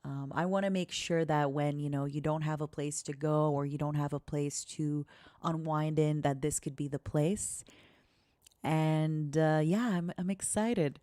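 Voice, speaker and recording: A young woman streaming, chatting gently and slowly in a soft, cozy way. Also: low-pitched, fairly even intonation, no room sound, clean studio sound. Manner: gentle, talks slowly and softly.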